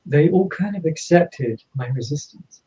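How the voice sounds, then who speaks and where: A man, a podcast guest, telling a personal story in an animated way and acting out the dialogue. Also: a little high, measured pace. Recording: slightly dull lo-fi audio.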